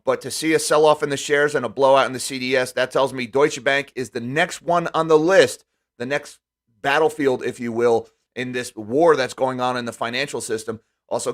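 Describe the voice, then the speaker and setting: A man's voice: mid-range voice, fairly bright tone. A man hosting a finance commentary channel, reading headlines and reacting with dry sarcasm while talking straight to his viewers. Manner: sarcastic, talks directly to viewers. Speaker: finance video host.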